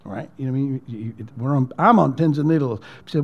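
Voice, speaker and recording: A man's voice: mid-range voice, quick pace, gravelly, few pauses, a little mellow, highs cut off. A man preaching as a pastor in a conversational storytelling way, repeating words and dropping almost to a whisper at emotional points. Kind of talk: sermon storytelling.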